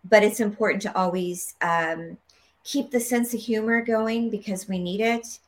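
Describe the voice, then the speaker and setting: A woman talks as an interview guest, her voice at a middle pitch. She tells her stories with lively energy. When she quotes other people, she acts them out with big leaps in pitch. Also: moderate pace. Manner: animated storyteller, acts out quoted dialogue with big pitch jumps. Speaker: guest, medical intuitive healer. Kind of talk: conversational interview storytelling.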